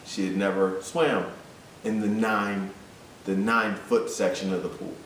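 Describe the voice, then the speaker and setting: A man's voice: fairly low pitch, steady tone, unhurried, a bit bright. A man, a fitness coach, telling a story and turning it into a motivational talk, often repeating himself as he builds to urgent appeals. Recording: echoey room, voice from a distance, background hum.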